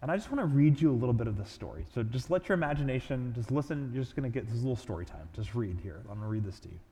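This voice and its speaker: A man's voice: mid-range voice, lively intonation, rapid-fire, warm tone. A man preaching a sermon as a pastor in a casual, conversational way, often repeating phrases. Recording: long reverb of a large hall.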